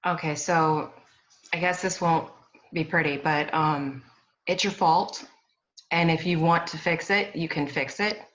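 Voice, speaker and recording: A woman's voice: low-pitched, fairly bright tone, lo-fi sound. A woman client giving a blunt, direct testimonial over a video call. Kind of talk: candid testimonial.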